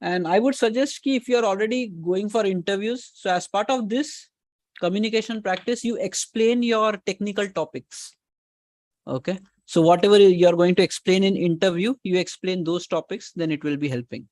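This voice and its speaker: Indian guy running a career coaching call, highish voice, dry sound, keeps repeating advice. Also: moderate pace, a little mellow, dry recording. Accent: Indian English. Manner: instructive, repeats key advice, mixes in Hindi words. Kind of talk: live online coaching session.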